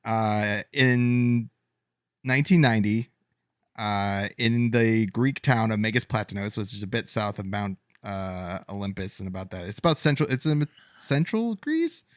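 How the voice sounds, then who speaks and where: A man's voice: lowish voice, lively intonation, a little slow, no echo, clean studio sound. A man hosting a casual podcast, talking through a case with many fillers and stumbles. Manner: rambling, stumbles over names, many fillers. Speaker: podcast host presenting the case. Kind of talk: casual chat.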